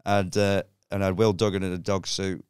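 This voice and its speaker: A man's voice: low voice, level tone, fairly quick, smooth, no room sound, clean studio sound. A man telling rambling comic stories on a podcast, laughing often and acting out voices. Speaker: comedian guest. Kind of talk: casual podcast chat.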